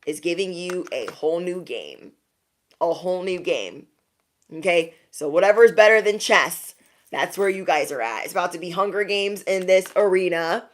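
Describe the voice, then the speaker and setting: A woman's voice: fairly low pitch, animated, normal speed. A young woman doing a casual spiritual card reading, chatty and laughing often as she talks to her viewers. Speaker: tarot reader.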